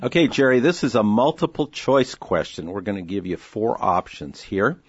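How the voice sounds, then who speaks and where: Lively-voiced male radio quizmaster. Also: on the low side, normal speed, slightly rough, lo-fi sound. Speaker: radio co-host. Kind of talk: quiz and segment hosting.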